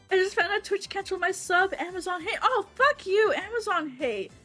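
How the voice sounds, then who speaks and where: A woman with a very high, bright, sharp voice talks to her livestream chat in a casual, animated rush. She is excitable, swears freely and laughs often. Soft music plays faintly behind her. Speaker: VTuber streamer.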